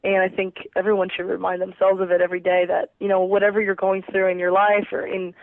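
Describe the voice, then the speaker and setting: A woman soccer player from New Jersey being interviewed by phone, answering casually with lots of hesitant filler pauses. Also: mid-range voice, completely flat delivery, dry recording. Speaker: pro soccer player, guest. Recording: tinny dry phone line.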